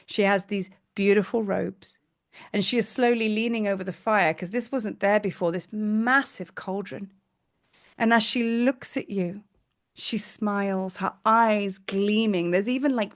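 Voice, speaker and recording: A woman teacher narrating a guided meditation in a soothing, dreamy, lightly rambling way. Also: mid-range voice.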